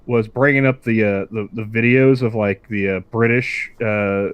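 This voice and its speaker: A man's voice: fairly low pitch, fairly even intonation, normal speed, smooth, dry recording. A man on a casual podcast who rambles and stammers through restarts. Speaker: podcast co-host.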